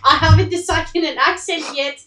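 A woman's voice: very high-pitched, steady tone, moderate pace, recorded from a distance, crowd noise. A young woman running a tabletop game, giggly and full of fillers. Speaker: game master. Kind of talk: casual tabletop game chat. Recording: echoey room.

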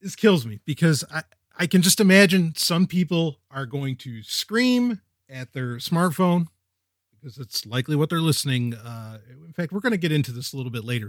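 A man hosting a tech podcast, talking casually in an energetic, wisecracking way that often breaks off and restarts. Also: mid-range voice, brisk, no echo, clean studio sound. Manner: energetic, wisecracking, self-interrupting. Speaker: podcast host.

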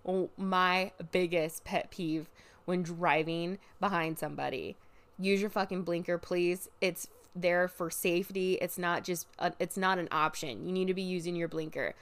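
A young woman ranting casually as a podcast host, swearing freely and bursting into loud outbursts. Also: fairly low pitch, moderate pace. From Oregon, US. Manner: animated, profane venting with sudden loud outbursts.

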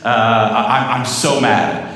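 A man's voice: medium pitch, fairly even intonation, slow, fairly bright tone. A middle-aged man preaching a sermon in a conversational, storytelling way, with asides to the congregation. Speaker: pastor. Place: large church hall. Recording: echoey church hall from far off.

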